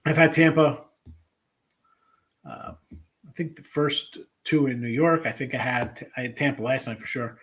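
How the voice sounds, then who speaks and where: A man's voice: medium pitch, a bit bright. A middle-aged man hosting a live sports betting show, chatting loosely with viewers and rambling as he thinks aloud. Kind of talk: casual live-stream chat.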